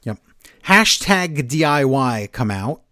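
A man's voice: mid-range voice, big pitch swings, slow pace, sharp tone, dry recording, clean studio sound. A man co-hosting a wrestling podcast, recapping the week's shows in a sarcastic, exasperated way. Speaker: podcast co-host. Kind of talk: casual wrestling recap chat.

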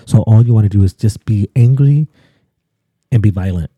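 A man with a very dark, husky voice tells a personal story as a podcast guest. He talks casually and animatedly, slipping into other people's voices. The recording is very dry and close. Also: on the low side, normal speed, no room sound. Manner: animated, acts out quotes, many fillers.

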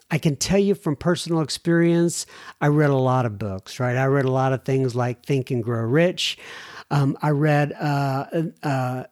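A man talks through listener letters in a loose, rambling way, often restarting his sentences and leaning on fillers. His voice sits a bit higher than most men's, and the recording is close and dry, with no room sound. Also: a little mellow, dry recording. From United States. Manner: rambling, self-deprecating, frequent fillers and restarts. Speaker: podcast host reading listener letters. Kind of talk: casual solo podcast talk.

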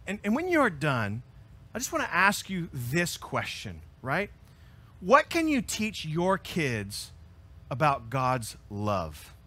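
A man preaching as pastor, earnest and emphatic, swelling to loud peaks and then dropping low and quiet. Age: adult with children. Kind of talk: sermon.

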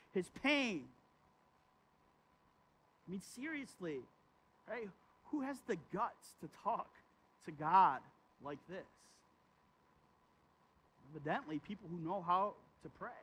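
A man with a notably high speaking voice delivers a sermon. His tone is conversational, he keeps checking in with "right?", and he reads the verses with real feeling. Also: animated, slow pace, pauses often, bright, forceful tone, breathy edge. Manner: reads scripture aloud with feeling. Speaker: pastor.

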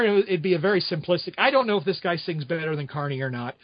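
A man's voice: high-pitched, very fast, dry recording. Rambling man chatting in dry lo-fi audio. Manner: rambling, many restarts and asides. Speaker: podcast host reviewing a musical. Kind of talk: casual chat.

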